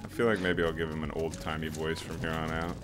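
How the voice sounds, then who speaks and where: A man's voice: rumbling low, flat delivery, fast talker. A man joking and laughing through co-op gaming commentary, with music behind. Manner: jokey, laughs often. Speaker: co-op gamer. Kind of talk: let's play commentary. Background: background music.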